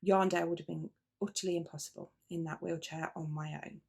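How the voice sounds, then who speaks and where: A woman's voice: lowish voice, steady tone, quick pace, gravelly, darkish tone, breathy edge. A British woman hosting a knitting video podcast, chatting casually and rambling with frequent asides and restarts. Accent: British English. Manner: chatty and rambling, with frequent self-interruptions and fillers. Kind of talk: casual chat to camera.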